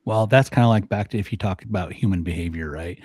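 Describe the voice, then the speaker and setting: Husky, low-voiced man telling stories. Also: quick pace, no room sound, clean studio sound. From northern Idaho, USA. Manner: animated storyteller, laughs often, acts out voices. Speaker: guest elk-hunting expert. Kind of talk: casual podcast storytelling.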